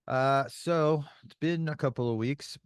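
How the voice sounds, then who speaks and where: A man's voice: fairly high pitch, a little slow, smooth, no echo, studio quality. A man co-hosting a podcast, easygoing and friendly, mostly giving short replies and asking questions. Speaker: podcast co-host. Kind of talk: casual podcast chat.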